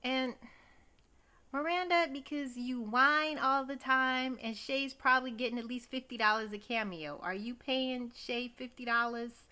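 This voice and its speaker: Bright-voiced woman gossiping about a TV episode. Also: high-pitched, a little slow, smooth. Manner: chatty, gossipy, exclaims and addresses viewers as y'all. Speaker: TV recap host. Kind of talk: casual TV episode recap.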